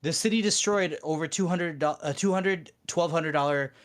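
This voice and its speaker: Man on a voice chat, slightly high voice, opinionated rambler with lots of ums. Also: moderate pace. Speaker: watch-along participant. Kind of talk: casual group chat.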